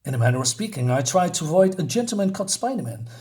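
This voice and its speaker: A man reading aloud as a grim young male vigilante who hunts fools, lowering his voice to a quiet, menacing tone. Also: big pitch swings, fast talker.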